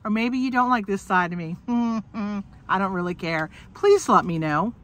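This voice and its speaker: A woman's voice: medium pitch, animated, a little slow, a bit bright. Chatty sick woman vlogging from a car. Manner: chatty, joking, swears freely, frequent laughs. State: sick with a cough. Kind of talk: casual chat to camera. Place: inside a car.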